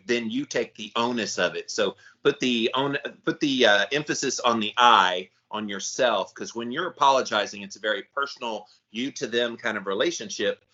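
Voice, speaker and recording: A man co-hosting a casual podcast chat, animated and acting out quotes in different voices. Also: medium pitch, moderate pace, lo-fi sound. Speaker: podcast co-host.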